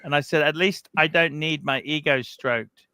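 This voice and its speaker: Bright, crisp-voiced man. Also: a little high, moderate pace, no echo. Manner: animated retelling of a feud, repetitive. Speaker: livestream host. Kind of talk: casual livestream chat.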